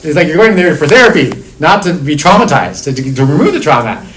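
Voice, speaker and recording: With a fairly high, somewhat bright voice, a middle-aged university lecturer speaks fast and very animatedly while talking through theory in a classroom seminar. He circles back constantly with restarts and "like" fillers, and the low-quality recording carries a little hiss or hum.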